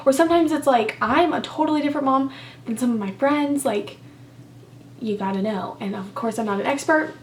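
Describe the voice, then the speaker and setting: A young woman talks to her camera in a loose, rambling way, full of fillers. Her voice sits high, and the recording is roomy and echoey, as if the mic were set back from her. A faint hiss of background noise runs underneath. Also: brisk, far from the mic. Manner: chatty, rambling, many fillers. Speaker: vlogger. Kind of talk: casual mommy vlog.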